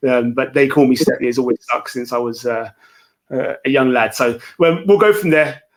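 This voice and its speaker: A man's voice: mid-range voice, normal speed. A man hosting a casual interview, chatty and rambling, with many fillers. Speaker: podcast host.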